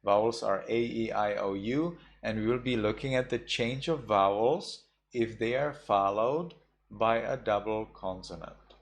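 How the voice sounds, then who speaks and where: Slow-spoken man teaching a class. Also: fairly low pitch, slight background noise. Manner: slow, explains step by step with many fillers. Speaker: Buddhist monk teacher. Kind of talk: online class lesson.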